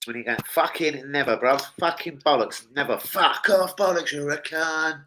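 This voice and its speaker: A man chatting casually on a football live stream, swearing freely and breaking into loud, excited shouts. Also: a little high, moderate pace, few pauses, a little hiss or hum, low-quality recording.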